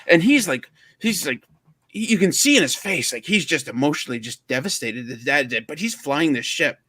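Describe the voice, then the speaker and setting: A man's voice: fairly high pitch, lively intonation, a little fast, bright, forceful tone, slightly rough, no echo. A man co-hosting a livestream, chatting casually and rambling as he searches for words. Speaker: livestream co-host. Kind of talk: casual chat.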